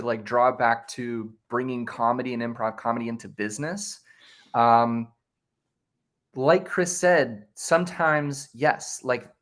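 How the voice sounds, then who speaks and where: A man speaking as a guest on a live stream, an improv performer talking in a relaxed, chatty way. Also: medium pitch. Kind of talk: casual conversation.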